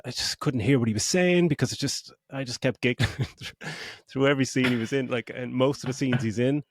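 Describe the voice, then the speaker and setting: Middle-aged male podcast co-host, mid pitch, dry close mic, sweary rambling with giggles. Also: dry recording. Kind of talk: casual chat.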